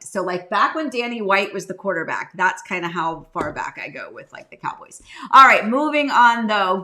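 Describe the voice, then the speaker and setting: A woman realtor hosting a casual live-stream chat, rambling warmly and greeting viewers by name. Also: medium pitch. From United States. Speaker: realtor and live show host.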